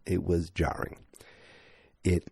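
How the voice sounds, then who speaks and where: Man, podcast host, casual rambling review, dark mellow tone, dry recording. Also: low-pitched, monotone, takes it slowly, vocal fry, slightly rough, no room sound. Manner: rambling, self-correcting, chatty. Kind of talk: casual movie review monologue.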